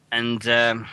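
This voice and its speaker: A man from Sheffield with a Sheffield accent, hosting a casual radio chat, excitable and swearing freely. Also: medium pitch, gravelly, no echo. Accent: Sheffield English. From Sheffield, England. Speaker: radio show host. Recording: internet radio show.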